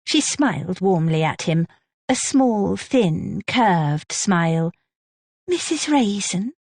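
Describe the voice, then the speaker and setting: A woman narrating an audiobook in a measured, descriptive manner on a close studio mic. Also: on the low side, animated, creaky, a little mellow, no echo. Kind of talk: scripted narration.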